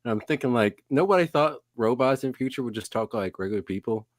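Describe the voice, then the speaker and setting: A man co-hosting a casual live stream, joking and animated. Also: mid-range voice, quick pace, no echo, studio quality. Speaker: co-host.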